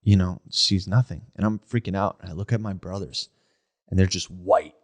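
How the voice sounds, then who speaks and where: A young man casually telling a ghost story on a podcast, animated, often asking "right?" and acting out what people said. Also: deep voice, normal speed. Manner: animated storyteller, acts out quoted voices, frequent "like" and "right?". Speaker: podcast co-host.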